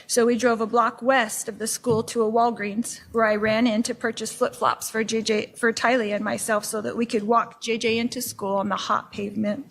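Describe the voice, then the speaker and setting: A woman delivering a formal courtroom opening statement in a measured way, repeating set phrases. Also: fairly high pitch, little pitch movement, slight background noise, poor audio.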